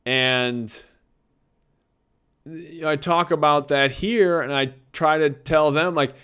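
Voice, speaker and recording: Middle-aged man, casual storytelling monologue, crisp and smooth-toned. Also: on the high side, slow pace. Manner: warm, reflective, chuckles often. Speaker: parent telling stories.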